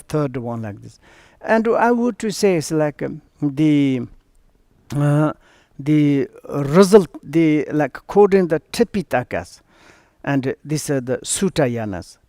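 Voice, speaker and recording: A man whose first language is Tibetan, giving a Buddhist teaching in halting English, pausing and searching for words. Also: fairly high pitch, no echo, studio quality. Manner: relaxed, with many fillers and asides. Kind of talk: online dharma teaching.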